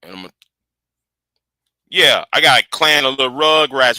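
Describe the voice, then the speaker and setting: Rambling man in his early forties, bright voice. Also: a little high, animated, normal speed, dry recording, studio quality. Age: early 40s. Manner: rambling, repeats words, talks to chat. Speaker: channel host. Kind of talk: casual livestream chat with viewers. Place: at home.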